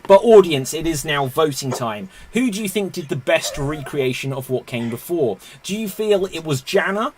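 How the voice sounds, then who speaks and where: A man hosting a live online improv comedy show over a video call, upbeat and announcing, quick to laugh. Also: fairly high pitch, expressive, noisy background. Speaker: host.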